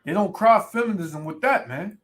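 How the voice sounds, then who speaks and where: A ranting male street preacher with a slightly raised pitch. He stretches out scripture verses slowly and loudly, then fires off asides that keep ending in "man" and "right". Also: lively intonation. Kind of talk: ranting sermon video.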